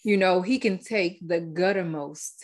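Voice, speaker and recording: A woman's voice: on the low side, measured pace. A woman hosting a faith-based podcast, telling her story with heartfelt repetition and fillers. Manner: heartfelt testimony, repeats words, fillers. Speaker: podcast host.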